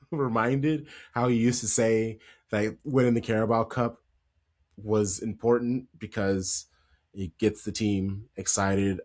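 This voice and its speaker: A man's voice: fairly low pitch, a little mellow. A man hosting a football podcast in casual chat, talkative and laughing easily. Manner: chatty, laughs easily, lots of fillers. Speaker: podcast host.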